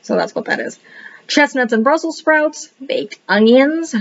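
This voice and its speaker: A woman's voice: sits high, huge pitch swings, normal speed, a bit bright. A woman giving a casual book review, rambling and thinking aloud as she leafs through the pages. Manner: rambling, thinking aloud, says "what the heck" a lot. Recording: dull lo-fi recording.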